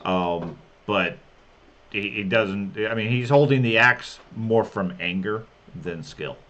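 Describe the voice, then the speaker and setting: A man running a tabletop game as game master, talking casually and pausing often with fillers. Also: fairly low pitch, a bit bright. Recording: dull lo-fi with faint hiss.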